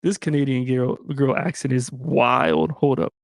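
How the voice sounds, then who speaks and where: A man's voice: medium pitch, steady tone, measured pace, creaky, no echo, clean studio sound. A man hosting a sports podcast alone, chatting casually and joking with his listeners in slang. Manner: loose, slangy and joking, addresses listeners directly. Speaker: podcast host.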